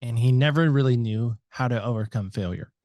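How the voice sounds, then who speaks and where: A man quoting his gruff older father, a former Marine, in an everyday voice close to his own. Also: mid-range voice, brisk, dark tone, no room sound, natural voice. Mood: earnest.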